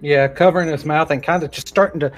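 A man playing a tabletop game, relaxed and laughing often. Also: a little high, fast talker, faint music behind. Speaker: player. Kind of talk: casual tabletop play.

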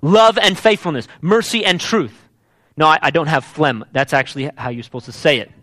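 Pastor type, male, high bright voice with big swings, emphatic sermon delivery, dry close sound. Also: a little fast, no echo. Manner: emphatic, repeats key words.

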